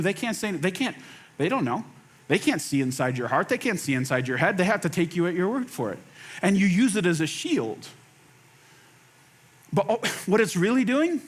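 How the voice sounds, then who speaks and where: Pastor, male, high-pitched; casual animated sermon delivery with acted-out quotes and repeated lines. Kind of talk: conversational sermon.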